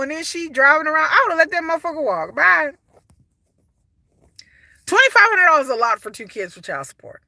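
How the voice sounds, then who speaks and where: Woman w aave, high bright voice, blunt n exasperated, dry close sound. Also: expressive, moderate pace, no echo. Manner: blunt, exasperated, swears freely. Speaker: reality TV reviewer. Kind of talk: casual commentary.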